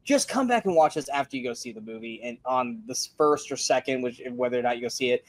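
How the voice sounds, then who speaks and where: A man's voice: mid-range voice, expressive, fast, dry recording. Man, podcast co-host, casual movie chat, emphatic, profane, dry recording.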